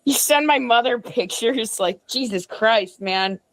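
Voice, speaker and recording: A woman's voice: a little high, measured pace, a bit bright, no echo. A young woman ranting and rambling on a livestream from home, agitated and swearing. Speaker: livestream guest. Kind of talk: livestream call and rant. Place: indoors at home.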